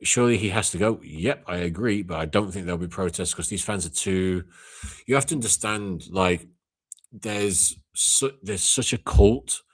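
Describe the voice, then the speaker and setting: A young man hosting a casual call-in chat, blunt and sweary, ranting with loud outbursts. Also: low voice, moderate pace. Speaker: live call-in show host.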